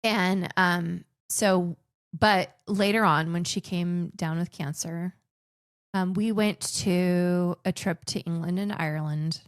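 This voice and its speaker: Slow and steady, a woman with a fairly low voice tells casual personal stories as a podcast guest, often starting her sentences again. She is in her forties and grew up in the Philippines, and the recording is dry and studio quality.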